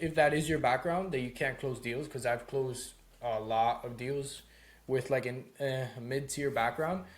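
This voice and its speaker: A young man talks straight to camera from his home office, coaching beginners on sales calls. His delivery is loose and conversational, full of fillers and quick check-ins with the viewer, at an ordinary mid pitch. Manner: loose, conversational, heavy on "like" and "right?". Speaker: sales course instructor. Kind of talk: casual talking-head lesson.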